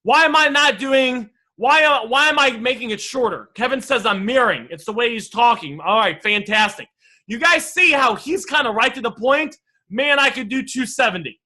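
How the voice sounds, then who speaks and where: A man's voice: very high-pitched, normal speed, pushed and bright. A man teaching a casual online negotiation lesson, brash and swearing freely as he keeps talking to his audience as guys. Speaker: sales and negotiation coach.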